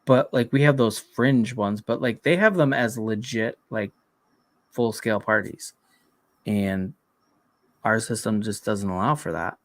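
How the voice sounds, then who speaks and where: A man's voice: on the low side, unhurried, no room sound. Blunt, profane male podcast host. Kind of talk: casual chat.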